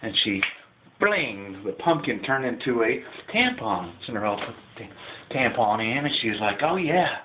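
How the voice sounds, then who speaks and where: A man's voice: on the low side, expressive, normal speed. A man in his thirties, a comedy vlogger telling crude jokes in a rambling, chuckling way. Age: 30s. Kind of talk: casual joke telling. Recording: tinny phone-like sound with faint hiss.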